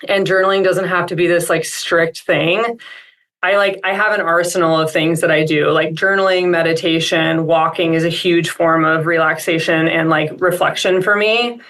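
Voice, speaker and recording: A woman's voice: fairly low pitch, fairly even intonation, normal speed, fairly bright tone. Reflective woman guest on a coaching call. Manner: reflective, upbeat, frequent "like" fillers. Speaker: expert guest. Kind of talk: casual coaching call conversation.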